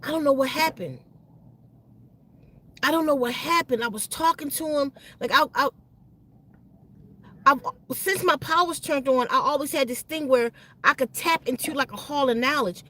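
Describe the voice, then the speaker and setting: A woman with a high-pitched voice tells a personal story to her channel. Her speech is slangy and animated. She stumbles over and repeats words as she goes. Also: normal speed, long pauses. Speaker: channel host.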